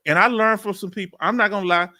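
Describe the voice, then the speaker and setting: A middle-aged man with a strong Southern accent from Texas, loudly and folksily chatting live with his viewers as host. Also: high voice, fast talker. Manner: loud and folksy, reads out viewer comments. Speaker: livestream host. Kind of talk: casual live chat with viewers.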